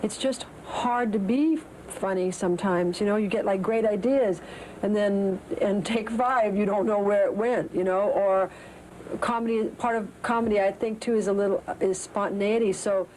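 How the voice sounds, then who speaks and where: A woman's voice: mid-range voice, fairly even intonation, moderate pace, darkish tone, a little hiss or hum, rough recording. A woman actress giving a casual interview, rambling and chatty with many fillers.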